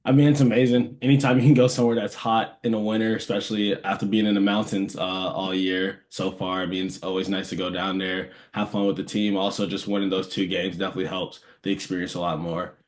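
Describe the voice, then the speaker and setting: A young man, a college basketball player, giving relaxed, plain answers as a podcast guest. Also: sits low, quick pace, few pauses. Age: young adult. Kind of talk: casual interview answers.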